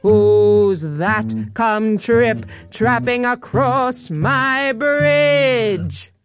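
A woman voicing a horrible, mean troll who speaks in drawn-out, menacing threats. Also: on the high side, music in the background, voice pushed up. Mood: bellowing. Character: horrible mean male troll under a bridge.

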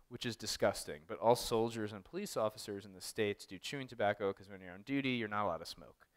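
A man's voice: on the low side, fast, few pauses. A man giving a casual, anecdotal artist talk as a photographer, rambling with many fillers and restarts. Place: art gallery talk.

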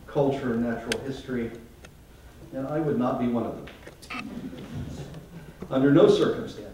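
A man's voice: medium pitch, darkish tone, slight background noise. A man giving a humorous stage talk as a photographer, wry and self-deprecating, in front of a live audience. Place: large hall before a live audience. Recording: echoey hall, mic from far off.

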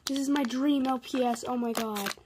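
A young girl unboxing a birthday toy in a casual vlog, gushing with excitement and using trendy slang. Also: sits high, normal speed, very noisy.

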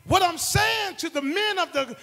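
A man preaching a call-and-response sermon, swinging from quiet asides to shouted exhortations. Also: very high voice, animated, moderate pace, big-room sound. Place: church sanctuary.

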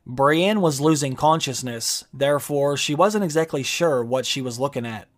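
A man narrating a video essay and reading a book passage aloud, measured and explanatory. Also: medium pitch.

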